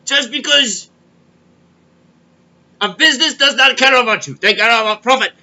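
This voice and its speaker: A man with a strikingly high, bright voice and a gravelly rasp underneath. He hosts a comedic crypto monologue and rambles through complaints in a kvetching way. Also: moderate pace. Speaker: podcast host.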